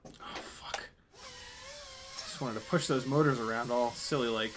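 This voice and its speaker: A man hosting a casual live stream as an FPV drone pilot, excitable and jokey, swearing and laughing as he flies. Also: mid-range voice, unhurried, background noise. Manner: excitable, exclaiming and swearing while flying.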